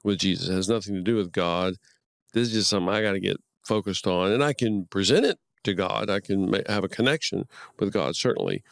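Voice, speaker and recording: A man's voice: sits low, fairly quick, creaky, no room sound, clean studio sound. A man speaking plainly and with emphasis in a casual faith discussion, often murmuring agreement. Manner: plain-spoken, emphatic, with frequent affirming murmurs.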